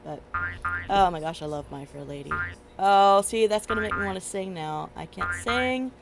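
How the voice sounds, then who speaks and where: A woman's voice: fairly low pitch, moderate pace, gravelly, low-quality recording. A middle-aged woman streaming a game, chatting in a rambling way and laughing often. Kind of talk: casual chat while gaming. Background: game music.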